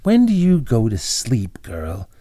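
A man voicing a robber disguised as a feeble old woman, with a hoarse, rasping voice. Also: medium pitch, wildly swooping pitch, slow pace, warm tone, dry recording, clean studio sound, exaggerated voice. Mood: sly. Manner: feeble, pleading, then sly.

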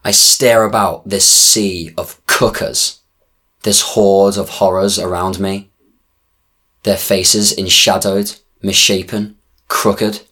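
A man performing spoken-word verse with a deliberate, dramatic touch. His voice sits low, and he takes each line at a very slow, measured pace. Every rhyme gets its weight. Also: steady tone, sharp tone. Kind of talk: spoken-word poetry recitation.

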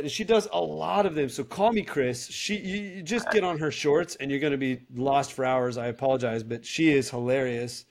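A man's voice: medium pitch, vocal fry. A man co-hosting a podcast in casual chat, animatedly recommending comedy shows. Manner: animated, retells comedy bits with quick acted quotes. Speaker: podcast co-host.

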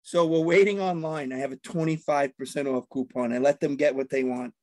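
A man telling a story to friends in casual chat, animated and acting out loud outbursts. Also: a little high, brisk, no echo.

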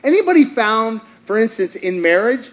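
Male pastor, high voice, animated sermon delivery that jumps from shouting to near-hush, preached in a church. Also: moderate pace. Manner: animated, swings between shouting and hushed.

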